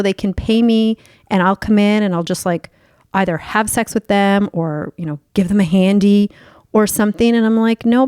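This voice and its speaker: A woman's voice: medium pitch, a little mellow, dry recording, studio quality. A woman hosting a podcast as a sex coach, talking in a bubbly, playful and openly profane way. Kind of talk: candid podcast chat.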